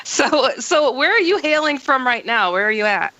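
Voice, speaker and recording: Bubbly, bright-voiced woman radio host. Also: moderate pace, no echo, dull audio. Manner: bubbly, laughs often, lively pitch jumps. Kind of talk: casual radio interview.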